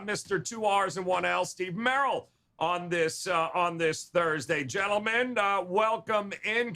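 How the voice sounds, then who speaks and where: A man hosting a sports betting show in a casual, joking way. His voice sits high for a man and has a bright edge. He talks with many "uh" fillers. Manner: upbeat and joking, frequent "uh" fillers.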